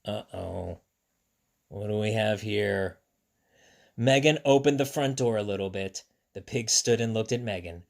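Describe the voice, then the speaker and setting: A man reading a picture book aloud to children, making playful, animated asides to his young listeners. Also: on the low side, measured pace, gravelly. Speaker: children's story reader.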